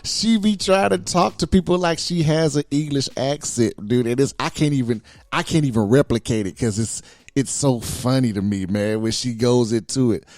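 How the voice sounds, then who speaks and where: A man's voice: mid-range voice, normal speed, a little mellow, dry recording, studio quality. A man co-hosting a podcast in casual, slangy chat, telling stories and laughing often. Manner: laughing, storytelling, loose slangy talk. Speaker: podcast co-host; boss at work, married father.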